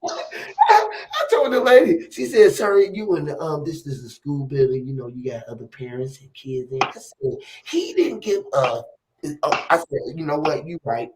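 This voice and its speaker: A man hosting a casual conversation, telling animated, profane stories and acting out the quotes loudly. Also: medium pitch, moderate pace, noisy background.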